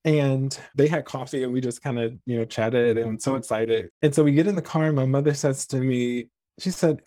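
A man's voice: mid-range voice, moderate pace, few pauses, no room sound. A young man telling stories in a casual chat as a podcast guest, acting out the voices of people he quotes. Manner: animated, acts out quoted voices.

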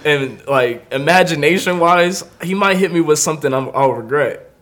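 A young man tells a wild story with an easy, laughing delivery and a voice that sits a bit high for a man. He keeps breaking into laughter and acts out quick voices for the people in his tale. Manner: animated, laughing often, acts out quoted voices. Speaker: podcast host. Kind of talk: casual comedic storytelling.

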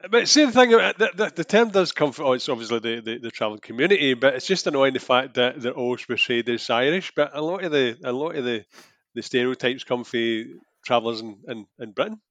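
A man's voice: medium pitch, animated, quick pace, fairly bright tone, dry recording. A man, co-hosting a casual film-review podcast in an easygoing, agreeable way. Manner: easygoing, agreeable, short replies. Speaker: podcast co-host.

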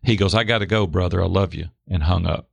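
A middle-aged man telling a personal story in an interview, lively, acting out the voices of the people in it. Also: deep voice, fast, creaky, breathy edge, no echo. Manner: animated, acts out quoted voices. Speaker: guest. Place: Hendersonville near Nashville.

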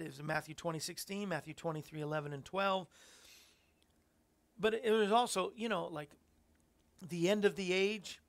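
Male Christian radio host, rough gravelly voice, loose musing scripture commentary. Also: high-pitched. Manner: reflective, rambling preaching with fillers.

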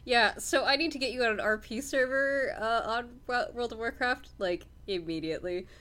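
A woman's voice: on the high side, moderate pace, a bit bright. A woman hosting a casual podcast chat, easily amused and earnest when sharing her views. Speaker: podcast host.

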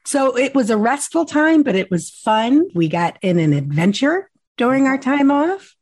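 A woman's voice: high voice, big pitch swings, moderate pace, a little mellow, dry recording. A woman co-hosting a podcast, chatting casually and supporting her co-host, then introducing a guest.

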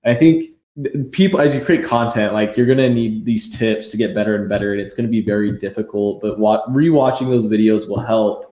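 In an echoey space, a man hosts a casual interview podcast with a lowish, mellow voice that runs a little fast. He's upbeat and eager, but stumbles over restarts, stammers, and uses "like" constantly.

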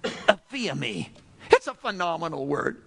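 A man preaching a sermon in a high, lively voice that swings widely as he tells a parable. His tone carries a gravelly roughness, and he slips into acting out the characters in the story. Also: unhurried. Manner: animated storytelling, acts out characters. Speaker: pastor.

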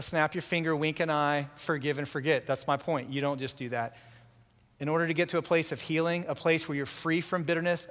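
A man preaching a sermon as pastor, animated, acting out quoted voices and often repeating words as he goes. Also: fairly high pitch, long reverb tail.

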